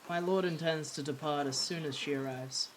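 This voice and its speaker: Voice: medium pitch, moderate pace, close to an everyday voice, rough recording. Brief: loyal courteous servant of a lord, read out plainly by a streamer, rain noise. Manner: reading game dialogue aloud in a plain voice.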